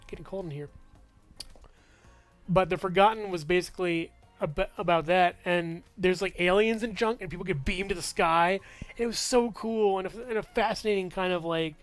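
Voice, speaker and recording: A man's voice: high-pitched, a bit bright. A man casually reviewing movies in a vlog, rambling, full of fillers and restarts, chuckling often.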